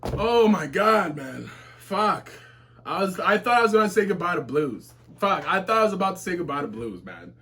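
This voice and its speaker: A man streaming a live reaction to a comic chapter, excitable and profane, full of slang and bursting into shouts when hyped. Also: high-pitched, moderate pace.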